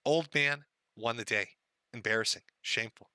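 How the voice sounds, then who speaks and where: A man's voice: mid-range voice, moderate pace, sharp tone, smooth, no echo. An older man hosting a stream, giving mocking, profane commentary and laughing at his own jokes. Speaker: streamer host.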